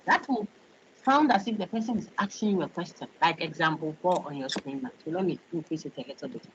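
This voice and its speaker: Brisk and animated, a lowish-voiced university lecturer with a Ghanaian English accent explains material to a large online class, repeating words and checking "okay?" along the way. The audio is dull lo-fi call sound with a little hiss or hum.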